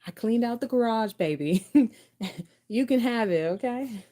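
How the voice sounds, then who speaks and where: A woman voicing an eager male lover coaxing his partner home, excited and laughing as she speaks. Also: mid-range voice, fairly quick, close to an everyday voice.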